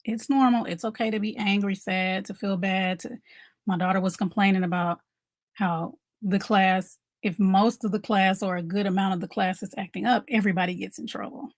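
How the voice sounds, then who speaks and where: A woman's voice: mid-range voice, fairly even intonation, moderate pace, no room sound. A woman giving a motivational talk as a mom coach, conversational, repeating her points and asking viewers questions.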